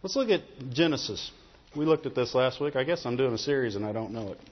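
Speaking quickly with a lively, mid-range voice, this male pastor preaches conversationally and keeps checking in with listeners through repeated "Amen?" and "Right?" prompts. The recording is dull, with extended reverb from a large hall.

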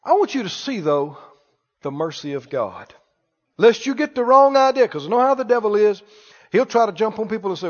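High-voiced preacher in an echoey hall. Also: male voice, very animated, brisk. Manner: call-and-response preaching, rising to loud emphatic lines. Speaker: pastor. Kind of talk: sermon. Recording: dull reverberant church hall sound.

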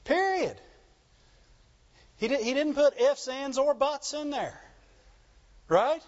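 A male pastor delivers a sermon in a high voice with animated call-and-response, drawing out words and pausing often. The recording is slightly dull and lo-fi.

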